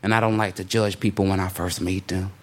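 A male stand-up comedian telling a story in an animated, conversational way and slipping into voices for the people in it. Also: low-pitched, fairly quick.

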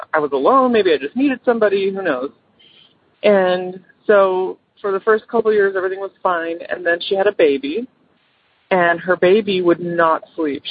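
A woman's voice: on the low side, husky. A woman caller chattily telling a friend's ghost story over the phone, rambling with fillers and quoting the people in it. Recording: phone line.

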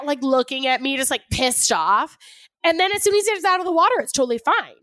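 A woman co-hosting a podcast in casual chat, animated and laughing often as she acts out her kids. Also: high-pitched, fairly quick, no echo. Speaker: podcast co-host.

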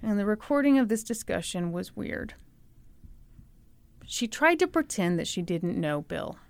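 A woman podcast host tells a comedic story in a creaky, medium-pitched, unhurried voice on a dry recording. She's sarcastic and animated, and she laughs often.

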